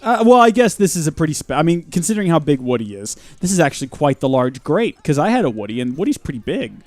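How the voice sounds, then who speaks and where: A young man streaming a video game live, chatting and joking with his audience as he plays, with sudden bursts of mock shouting. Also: on the high side, very animated, fast talker, no room sound. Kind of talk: live gameplay commentary.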